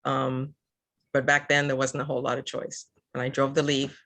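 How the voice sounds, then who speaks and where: A woman's voice: a bass voice, flat delivery, moderate pace, fairly bright tone. An older woman from Southern California, a guest in a casual interview, talking earnestly with many fillers and restarts. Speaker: guest, EV advocate.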